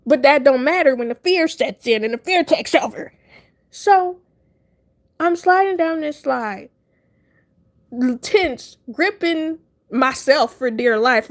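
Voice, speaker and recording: Animated, laughing woman telling a story. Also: high-pitched. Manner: animated, laughing, dramatic retelling. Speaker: livestreamer. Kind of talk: casual storytelling to a live chat.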